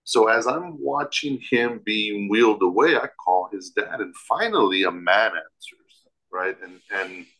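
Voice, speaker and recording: A man's voice: on the low side, measured pace, a bit bright, poor audio. A man telling a personal story as an interview guest, vivid and emphatic, with restarts.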